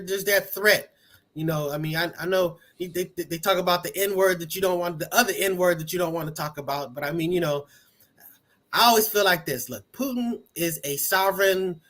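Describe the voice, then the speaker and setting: A man with a high voice chats on a casual panel podcast. He is easygoing and conversational and laughs often. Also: pushed and bright. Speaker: podcast co-host.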